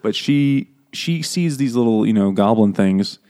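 A man's voice: on the low side, animated, a little slow, a little mellow. A man co-hosting a casual comedic book chat, joking, laughing often and acting out characters' lines. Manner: jokey, laughs often, acts out quotes. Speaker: podcast co-host.

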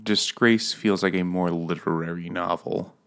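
A man's voice: sits low, steady tone, unhurried, fairly bright tone. A man co-hosting a casual book podcast over beers, thinking aloud and sounding unsure of himself.

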